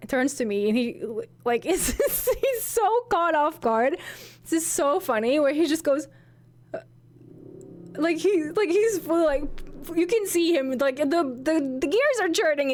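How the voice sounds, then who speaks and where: A woman's voice: sits high, animated, measured pace. A young woman streamer telling a story casually to her chat, rambling and giggly with many restarts.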